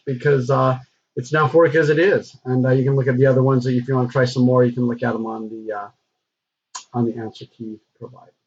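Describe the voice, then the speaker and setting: A man teaching a recorded math lesson, talking through the steps in a relaxed, conversational way with frequent fillers. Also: mid-range voice, husky. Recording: dull lo-fi recording.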